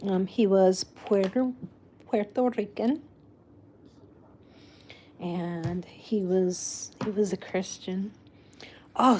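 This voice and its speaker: A vlog host whose first language is Spanish chats in a slow, wandering way, often restarting, circling back on what she said, and laughing now and then. Her pitch is an ordinary middle range, her tone dark, with a little hiss or hum in the recording.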